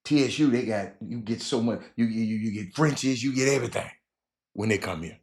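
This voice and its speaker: A man hosting a casual sports talk show, rambling and repeating himself with animated bursts. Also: on the low side, brisk. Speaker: show host.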